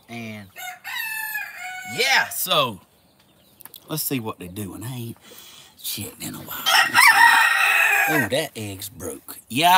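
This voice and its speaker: A man with a drawl talks slowly and fondly to his farm animals, his pitch a bit high and very lively as he coos at them. He is outdoors, and loud clucking and crowing from chickens and roosters sit right behind his voice. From Southern United States. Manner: slow, doting, baby-talk to animals, drawling. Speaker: vlogger. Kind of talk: casual chat with animals. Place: outdoors among animal pens. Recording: loud outdoor background noise.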